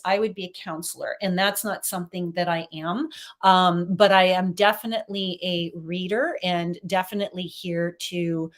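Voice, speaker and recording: A woman hosting a casual phone livestream, giving psychic readings in a chatty, upbeat way and talking straight to her viewers. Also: mid-range voice.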